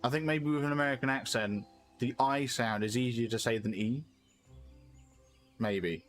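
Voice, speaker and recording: A man's voice: medium pitch, normal speed, a bit bright, faint music behind. A man streaming a game, chatting casually and musing aloud while correcting himself. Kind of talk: casual chat while playing.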